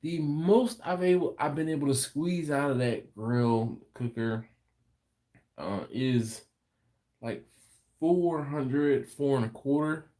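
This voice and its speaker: A man's voice: mid-range voice, mellow. An American man hosting a live barbecue stream, chatting casually and answering viewer comments with lots of fillers and restarts. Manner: slow, laid-back storytelling with frequent fillers and restarts. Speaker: host of a barbecue livestream. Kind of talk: casual livestream chat reading viewer comments.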